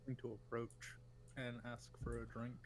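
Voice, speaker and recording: A man's voice: medium pitch, completely flat delivery, moderate pace. A man playing in a tabletop game, answering tersely and matter-of-factly. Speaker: player.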